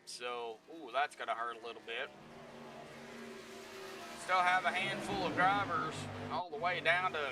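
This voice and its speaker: Slow-talking man calling a race. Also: on the high side, pushed and bright. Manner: laid-back, self-deprecating banter between calls. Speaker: race commentator. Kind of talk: sim racing play-by-play commentary. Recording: distant mic with clear background noise.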